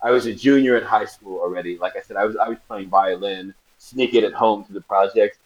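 Lo-fi sound captures an actor guest, a Brooklyn, New York man in his forties, speaking briskly in a lowish voice during a casual interview. He's an animated storyteller who performs the voices of the people in his tales and laughs a lot.

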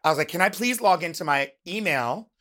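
A woman chatting as a podcast guest, an animated storyteller who slips into the voices of the people in her stories. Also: on the low side, brisk. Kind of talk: casual podcast chat.

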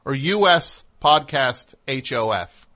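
A man's voice: medium pitch, lively intonation, takes it slowly, pushed and bright. A man hosting a comedic talk show, riffing in a rambling, sarcastic way with plenty of fillers. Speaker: host.

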